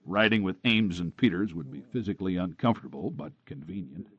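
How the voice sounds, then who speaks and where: A man narrating a crime novel in the first person with a steady, hard-boiled delivery. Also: sits low, brisk, slightly rough. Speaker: audiobook narrator. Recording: dry, dull close-miked recording.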